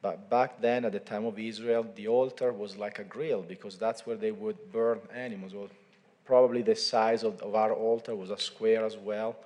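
Man, priest, low voice, homily, relaxed storytelling, long church reverb. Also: moderate pace, dull audio. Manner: informal storytelling, retelling scripture conversationally.

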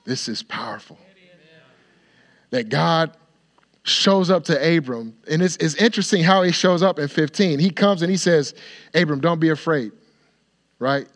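A man preaching a sermon, acting out the dialogue of the story in an expressive way and sometimes dropping to a soft, near-whispered voice. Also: on the high side, normal speed, pauses often. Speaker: pastor.

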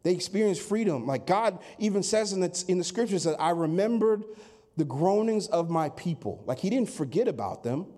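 A male pastor preaching with a high, lively voice that swoops up and down. He acts out grumbling voices and then climbs to loud, emphatic peaks as he drives each point home. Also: moderate pace. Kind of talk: sermon.

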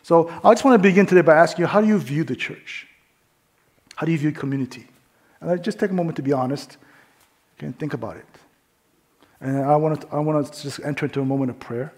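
A man's voice: on the high side, fast talker, long pauses. A male pastor preaching a sermon in a casual, conversational way, with many fillers, telling a story and acting out the voices in it. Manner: drops to a soft hush in prayer.

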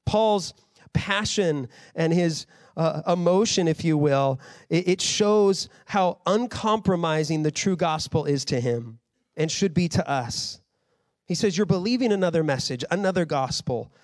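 A man's voice: fairly high pitch, takes it slowly, no echo, clean studio sound. A man in his thirties preaching a sermon in a conversational way, rising to fired-up emphasis. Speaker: pastor.

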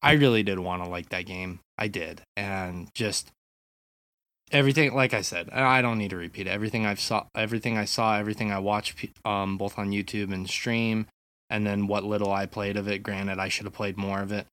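A man's voice: lowish voice, fairly even intonation, a little fast, a bit bright, no room sound. Rambling man talking games on a podcast. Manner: rambling, full of fillers and restarts. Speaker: podcast co-host. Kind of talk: casual chat.

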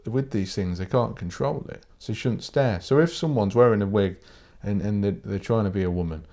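British bloke, fairly low voice, solo podcast host who rants bluntly and swears freely. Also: male voice, brisk, darkish tone. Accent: British English. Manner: blunt, sweary, rambling, with many restarts. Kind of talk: casual solo podcast rant.

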